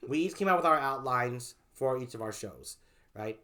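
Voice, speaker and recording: A man's voice: mid-range voice, animated, normal speed, sharp tone. A man co-hosting a casual vlog, talking reflectively in loose, trailing phrases. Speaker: co-host of a web show vlog. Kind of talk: casual conversational storytelling.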